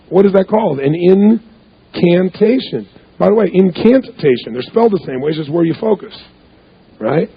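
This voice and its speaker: A man giving an emphatic, punchy seminar talk as a motivational speaker, repeating words for effect. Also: high-pitched. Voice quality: gravelly, husky voice. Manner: emphatic, repetitive, punchy delivery. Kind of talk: seminar talk to a live audience. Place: hotel event room. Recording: muffled lo-fi recording.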